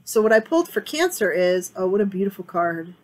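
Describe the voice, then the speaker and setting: Sitting on a couch area at home with a fan on, a woman gives a casual, rambling tarot reading, chatty and inclined to repeat herself. Her medium-pitched voice is sing-song and fairly quick, on a rough recording with slight background noise.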